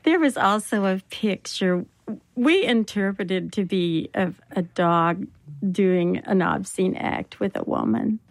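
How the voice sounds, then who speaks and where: An older woman with a Southern American accent, telling her own story in an interview, slow and plainspoken. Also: mid-range voice, vocal fry, no echo. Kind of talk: recounting a personal story in an interview.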